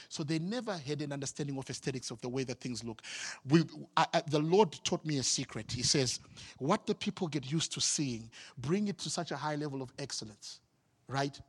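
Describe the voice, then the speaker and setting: A man from Zimbabwe preaching a sermon as a pastor, animated, swinging from loud exclamations to quiet asides. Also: mid-range voice, a little fast, slightly rough, big-room sound.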